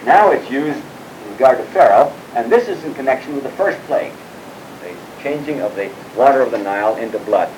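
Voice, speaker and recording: A man's voice: medium pitch, animated, a little fast, darkish tone, a little hiss or hum, poor audio. A man teaching a Bible class, explaining passages and putting questions to his students, with frequent asides and hesitations.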